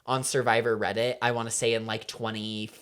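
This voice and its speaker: A man co-hosting a casual commentary podcast, chatting playfully and quick to joke. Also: medium pitch, little pitch movement, fairly bright tone. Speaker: podcast co-host.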